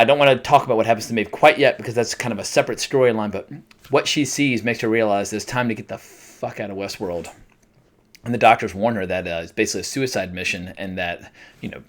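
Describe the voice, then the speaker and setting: A man's voice: lowish voice, steady tone, fast talker. A man casually reviewing a TV episode, chatty and self-deprecating, with frequent fillers and restarts. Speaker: TV review vlogger.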